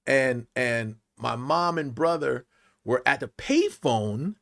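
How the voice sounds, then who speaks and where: A man in his late forties, a podcast guest telling stories in an animated way, acting out the voices of the people in them. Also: mid-range voice, slow pace, gravelly. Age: late 40s. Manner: lively, acts out quotes in big jumps of voice. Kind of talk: animated storytelling interview.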